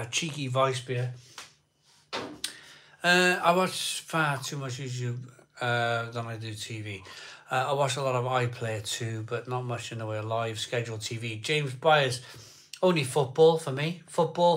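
A man's voice: medium pitch, fairly even intonation, measured pace, a bit bright. A man chatting casually with viewers on a live beer stream, greeting people by name and rambling between topics. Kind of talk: casual chat reading live comments.

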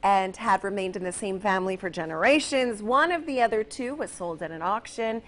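A woman's voice: medium pitch, fairly quick. A woman anchoring local TV news, reading a story and bantering playfully with her co-host. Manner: playful, lively.

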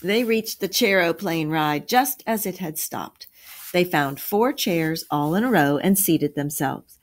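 A woman teacher reading a story aloud, then asking and answering review questions in a clear, measured way. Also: lowish voice, lively intonation.

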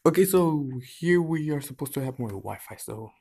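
A man's voice: on the high side, lively intonation, normal speed, gravelly, darkish tone, breathy edge. A man chatting casually to his viewers in a vlog, rambling offhand with plenty of "like" and "so yeah". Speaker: vlogger.

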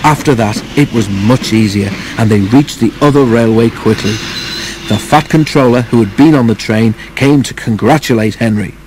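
A man narrating a children's storybook in a steady, even read-aloud manner. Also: medium pitch, normal speed, slight background noise, poor audio.

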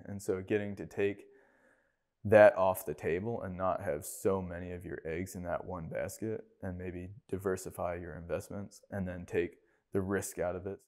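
A man on a podcast, a business owner telling lively anecdotes and acting out other people's lines. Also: low-pitched, moderate pace. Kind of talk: casual storytelling interview.

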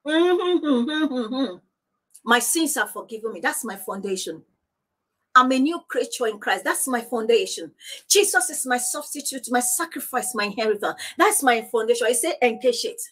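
A woman's voice: fairly high pitch, lively intonation, normal speed, a bit bright. A woman pastor preaching on divine healing, insistent and repeating declarations, praying aloud. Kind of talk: sermon teaching on divine healing.

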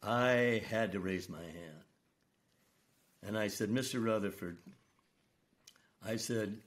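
An older man, a retired school principal, telling stories from his career in an earnest, unhurried way during an interview. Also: fairly low pitch, fairly bright tone. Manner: slow, earnest storytelling with quoted dialogue. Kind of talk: storytelling interview.

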